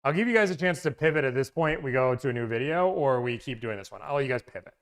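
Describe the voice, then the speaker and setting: A man's voice: mid-range voice, lively intonation, fast talker. A man hosting a casual livestream, rambling and interrupting himself as he chats with viewers about car deals. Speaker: car-buying negotiation service host.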